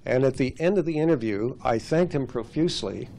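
A man's voice: medium pitch, fairly quick, creaky, a little hiss or hum. Man spinning an anecdote, acting out dialogue. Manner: lively storyteller acting out quoted dialogue. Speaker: former radio broadcaster. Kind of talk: anecdote at a dinner gathering. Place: restaurant gathering.

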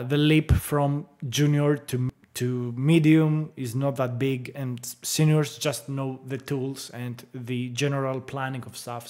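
A tech video creator giving excitable, gushing commentary over a screen recording, with frequent exclamations and casual swearing. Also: medium pitch.

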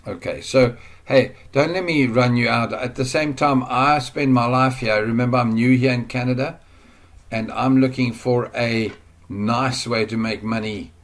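A man in a home office walks through an online marketing lesson while sharing his screen. He talks in a loose, rambling, chatty way at an ordinary pitch and sometimes wanders away from the mic. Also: steady tone, unhurried. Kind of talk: casual screen-share tutorial.

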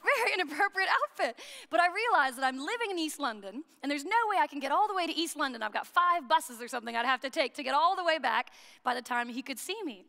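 An American woman delivers a sermon with a high, bright voice. She keeps it chatty and joking and poses questions to the congregation. Her voice rings out with long reverb through a church hall. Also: lively intonation, fast talker, gravelly. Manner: conversational and humorous, with rhetorical questions. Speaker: priest.

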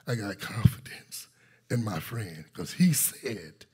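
Husky-voiced man preaching a storytelling sermon. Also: on the low side, slow. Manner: storytelling preacher, calls out to the congregation, builds to excited intensity. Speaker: pastor. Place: church sanctuary.

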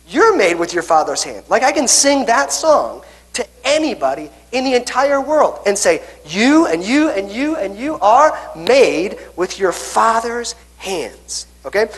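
A man's voice: sits high, fairly bright tone, poor audio. A young man, a pastor, giving a children's message in church, coaxing the kids through hand signs and checking in with "okay?" again and again. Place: church sanctuary.

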